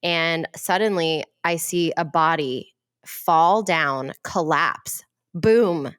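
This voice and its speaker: A woman co-hosting a podcast, telling stories in casual chat and acting out the people in them with lively voices. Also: low-pitched, slow, clean tone, dry recording, clean studio sound. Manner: animated storyteller, acts out quoted people. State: mother. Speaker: podcast co-host.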